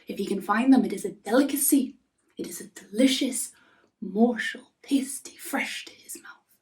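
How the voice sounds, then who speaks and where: Lady telling a fairy tale, soft and whispery, high-pitched, mic far off. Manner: soft, often whispering, unhurried. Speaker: storyteller. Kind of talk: storybook narration.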